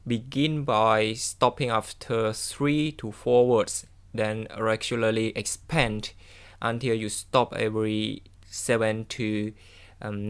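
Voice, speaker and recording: A man's voice: on the low side, clear, resonant tone. Hesitant man explaining tips. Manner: hesitant, with frequent ums and self-corrections. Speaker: English test tutor. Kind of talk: reading and explaining study tips.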